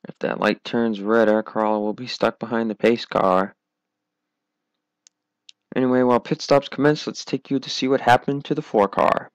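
A man's voice: medium pitch, normal speed, clean tone, no echo. A young man giving solo play-by-play commentary on a sim racing league, running through positions and replays. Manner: calls positions and replays, rising excitement at restarts.

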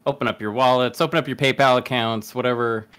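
A man hosting a comedy podcast in a relaxed, hesitant way, handing out readings and asking for donations. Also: mid-range voice, fast, smooth. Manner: relaxed, hesitant, uses many fillers. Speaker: podcast host. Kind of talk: casual hosting.

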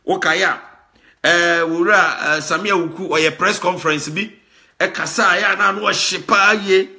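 A man's voice: high voice, steady tone, moderate pace, bright, forceful tone. A Ghanaian man hosting a talk show, commenting emphatically, often repeating words and laughing. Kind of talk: animated commentary mixing Twi and English.

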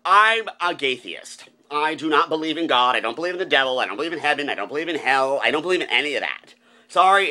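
A man's voice: medium pitch, pushed and bright. A man hosting a comedic vlog, flamboyant and gushing, recorded on a phone. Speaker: vlogger host.

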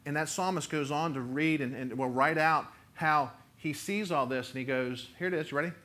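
A man preaching a sermon, reading scripture and breaking into emphatic, near-shouted lines as he voices the prophet's complaint. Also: fairly high pitch, moderate pace. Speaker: pastor.

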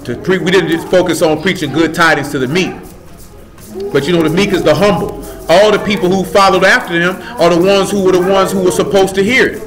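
Guy preaching live, high voice, talks loose and emphatic, keeps asking what?. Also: steady tone, brisk. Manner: emphatic, asks rhetorical questions; casual street slang. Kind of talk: live sermon teaching.

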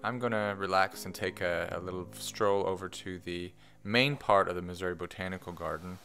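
A man's voice: low voice, steady tone, normal speed, bright, forceful tone, soft background music. A man hosting a casual plant vlog, talking in a friendly, conversational way with the odd "uh". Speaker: vlog host. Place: botanical garden greenhouse.

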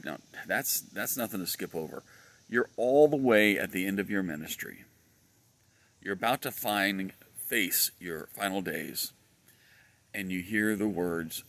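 A man's voice: sits low, sharp tone. A man preaching a casual sermon outdoors in his backyard, telling folksy stories with plenty of filler words. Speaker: pastor.

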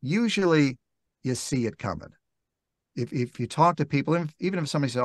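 An older man, a guest on a podcast, tells stories in a relaxed interview, thoughtful and unhurried, often restarting his sentences and acting out little bits of dialogue. His voice is a little high and animated. The podcast mic gives a close, dry sound with no echo or room.

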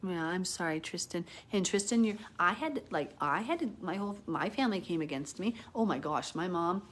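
A woman's voice: on the low side, animated, brisk, fairly bright tone, slight background noise. A middle-aged woman giving a live Bible teaching, talking in a hyper, chatty way full of "like" and turning earnest and emotional as she tells her story. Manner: earnest and emotional when retelling prayer.

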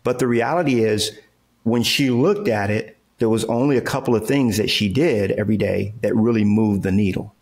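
With a lowish, slightly mellow voice at normal speed, a man who coaches and runs a real estate business explains his ideas emphatically on an interview. He speaks casually, draws on everyday examples, and often asks "okay" and "right."

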